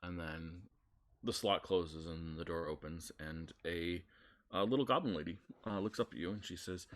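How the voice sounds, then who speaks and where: A man narrating as game master of a tabletop game, relaxed and a little hesitant. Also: deep voice, normal speed.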